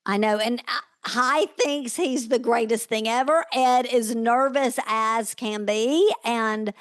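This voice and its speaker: A woman with a Southern US accent co-hosting a movie podcast, chatting in an animated way that drifts into a drawl. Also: on the high side, slow, no echo, studio quality. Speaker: podcast co-host. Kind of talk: casual movie discussion.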